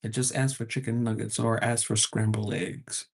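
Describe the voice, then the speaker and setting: Woman host with a mellow voice, lively storyteller who acts out the dialogue. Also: very deep voice, moderate pace, creaky, husky. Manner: animated, acts out quoted exchanges. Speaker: advice host. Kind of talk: storytelling talk.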